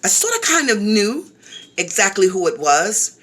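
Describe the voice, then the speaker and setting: Woman vlogger, bright voice, animated, talks straight to viewers and repeats herself. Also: medium pitch, moderate pace, a little hiss or hum. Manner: animated, repeats phrases, frequent asides to viewers. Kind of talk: casual storytelling vlog.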